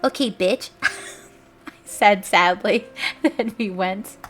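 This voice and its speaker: A woman's voice: mid-range voice, steady tone, very slow, fairly bright tone, soft background music. Brief: young female streamer, mock-dramatic reading, casual asides, trips over words. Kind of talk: reading a fanfic aloud on stream.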